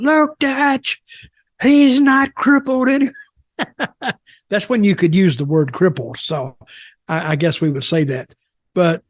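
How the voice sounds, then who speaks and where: A man's voice: fairly high pitch, dry recording, clean studio sound. An older man, telling rambling stories as a podcast host. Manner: rambling, repeats words as he talks. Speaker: podcast host, former wrestler. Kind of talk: casual storytelling.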